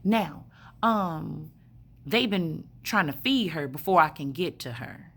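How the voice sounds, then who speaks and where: A woman's voice: deep voice, animated, slow pace, husky. A woman in a hospital room telling a rambling story in a blunt, profane way, full of fillers. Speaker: spiritual vlogger. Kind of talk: casual storytelling monologue.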